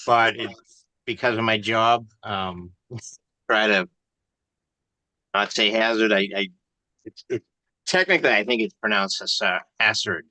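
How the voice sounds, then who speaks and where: A man's voice: lowish voice, unhurried, long pauses, bright, forceful tone, dry recording. A man chatting casually on a video call, hesitant, with many restarts.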